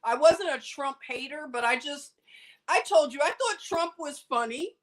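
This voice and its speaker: High-voiced, animated woman livestreamer. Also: normal speed. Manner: animated, emphatic, indignant. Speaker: livestream host. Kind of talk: casual storytelling chat.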